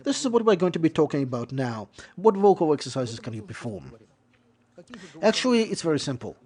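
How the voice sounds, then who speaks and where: A man delivering a lecture as a voice-over, in a measured explanatory way, often restating points and correcting himself mid-phrase. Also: fairly high pitch, very animated, darkish tone. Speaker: lecturer on interpreting.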